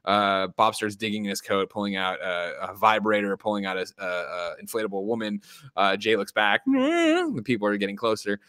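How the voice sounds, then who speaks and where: A man's voice: on the low side, animated, normal speed, sharp tone, clear, resonant tone, no room sound, clean studio sound. A man co-hosting a podcast, retelling a movie scene by scene in casual chat and acting out the lines. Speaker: podcast co-host recapping a movie.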